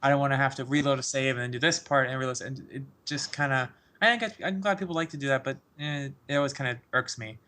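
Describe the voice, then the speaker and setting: A man in a casual podcast chat, excitable and rambling, laughing often as he talks about games. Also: mid-range voice, fast, hardly any pauses. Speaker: podcast co-host.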